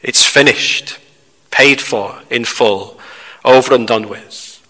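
Bright-voiced man preaching in a hall. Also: mid-range voice. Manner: measured, asks the listeners rhetorical questions. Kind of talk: sermon. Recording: reverberant hall.

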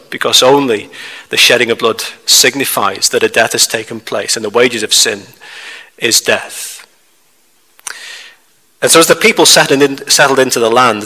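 A man preaching a sermon as a pastor, measured and emphatic, with rhetorical questions to his congregation. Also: mid-range voice, bright, forceful tone, big-room sound, poor audio. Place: church.

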